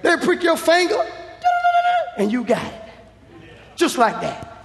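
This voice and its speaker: A man preaching a sermon as an evangelist, shouting and acting out dialogue with emphasis. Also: extremely high pitch, big pitch swings, slow, vocal fry. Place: church. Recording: echoey church hall.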